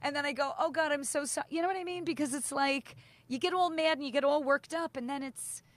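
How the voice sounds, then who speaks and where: A woman's voice: sits high, quick pace, no room sound. A middle-aged woman, co-hosting a casual podcast chat and telling stories, acting out quotes and swearing freely. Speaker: podcast co-host.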